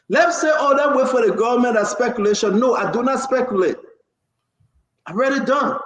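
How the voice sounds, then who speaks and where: A man's voice: high-pitched, a bit bright, roomy sound. A man hosting a heated political talk show, impassioned, cutting in and repeating himself for emphasis. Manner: impassioned, talks over others, repeats for emphasis.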